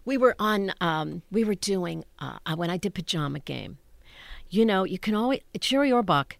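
Older woman, gravelly low voice, lively laughing anecdotes, dry close sound. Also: normal speed, no room sound. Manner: animated, laughing, self-interrupting. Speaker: stage actress guest. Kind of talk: anecdotal storytelling.

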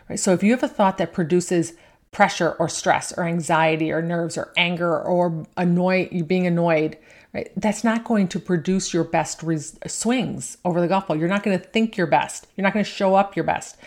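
A woman coaching golfers on their thinking, talking in a relaxed conversational way and often checking in with "right?". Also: lowish voice. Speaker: golf mental coach. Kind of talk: instructional talk.

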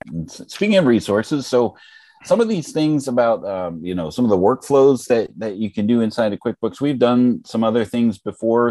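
A man's voice: lowish voice, darkish tone, dry recording. A man hosting a live training webinar, introducing polls and passing the floor to his co-host in a casual, loose way. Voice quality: casual, lots of fillers and restarts. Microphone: computer mic on a video call.

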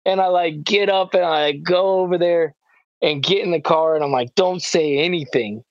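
A male podcast co-host telling a story in a casual chat, excitable and animated, with lots of "like" and "dude". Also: high voice, normal speed, dry recording, lo-fi sound.

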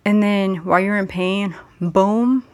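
A woman's voice: mid-range voice, dry recording. Woman doing a solo podcast, candid chatty talk, dry close mic. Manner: candid, conversational, speeds up and slows down for emphasis. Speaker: podcast host.

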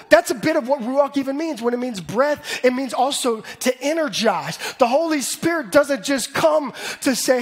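High-voiced animated preacher man. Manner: animated, builds to shouting. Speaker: pastor. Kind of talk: sermon.

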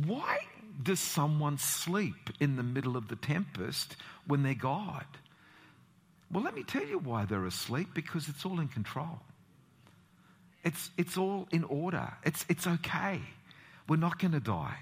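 A man's voice: fairly high pitch, sing-song, a little slow, husky. A pastor preaching a sermon, asking rhetorical questions and swinging his voice up and down.

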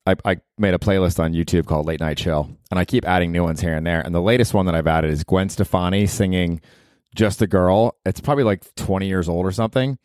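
A man's voice: low-pitched, fast, a little mellow, no echo, studio quality. A man in his thirties hosting a solo podcast, telling rambling, profane stories and chuckling. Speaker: podcast host. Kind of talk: casual solo podcast monologue.

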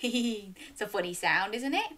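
A woman's voice: medium pitch, animated, measured pace, heavy background noise. A woman hosting a storytime for young children, reading a picture book aloud and coaxing listeners to join in with animal sounds.

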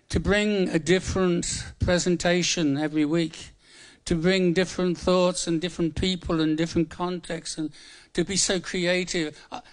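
A seventy-five-year-old man from England giving a humorous, conversational sermon in church, repeating words for emphasis. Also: fairly high pitch. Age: 70s. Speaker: preacher.

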